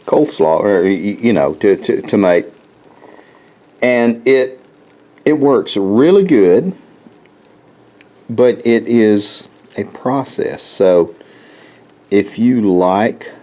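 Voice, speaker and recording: A man's voice: lowish voice, expressive, takes it slowly, pauses often, dark tone, rough recording. A man giving a folksy, rambling walk-through of his garden, often repeating words as he talks to viewers. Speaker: homestead vlogger. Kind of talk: casual walk-through chat. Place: outdoors in a garden.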